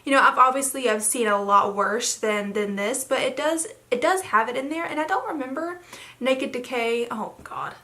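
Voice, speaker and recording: A young woman with a bright, somewhat high voice talks her way through a makeup tutorial in a loose, rambling way, full of fillers. Her throat sounds a little hoarse. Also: moderate pace. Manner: chatty, rambling with many fillers. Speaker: beauty vlogger. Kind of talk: casual makeup tutorial chat.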